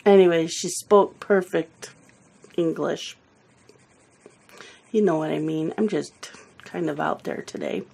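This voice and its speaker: Lady coloring and chatting, talks real slow, kinda rambly, loses her words sometimes. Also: low-pitched, creaky, a little mellow, breathy edge. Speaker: coloring video host. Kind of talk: casual chat while coloring.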